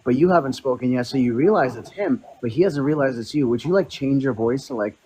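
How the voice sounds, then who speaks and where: A man's voice: medium pitch, lively intonation, quick pace, a little mellow, husky, rough recording. Laid-back swearing man chatting on a live. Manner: loose, profane, laughing storyteller. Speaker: livestream co-host. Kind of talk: casual group chat on a livestream.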